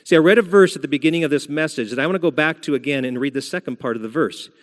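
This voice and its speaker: A man's voice: a little high, rapid-fire. Male pastor preaching in a reverberant church. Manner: conversational preaching, retelling scripture as a story. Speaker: senior pastor. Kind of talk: sermon. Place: church sanctuary. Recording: long hall reverb.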